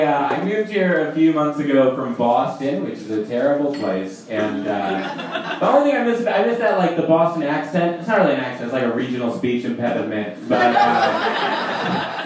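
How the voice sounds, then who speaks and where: A young man doing a wry, self-deprecating stand-up set with crowd work on a live stage. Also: a little high. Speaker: stand-up comedian guest. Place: comedy stage, live audience. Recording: roomy live venue with crowd from mic distance. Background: audience laughter.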